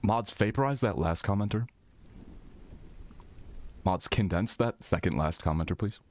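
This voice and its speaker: A man's voice: lowish voice, unhurried. A man live streaming in casual chat, rambling and swearing as he reacts to his viewers' messages.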